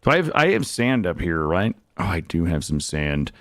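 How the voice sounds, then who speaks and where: This streamer is a young man whose voice sits low and moves at a normal speed. He casually talks his audience through his game, animated and swearing freely, on a studio desk mic with no room sound and studio-quality audio.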